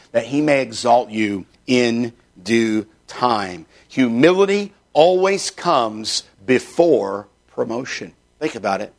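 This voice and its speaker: A man's voice: mid-range voice, a bit bright. A male pastor preaching a sermon in an earnest, plain-spoken way, with casual asides to the congregation.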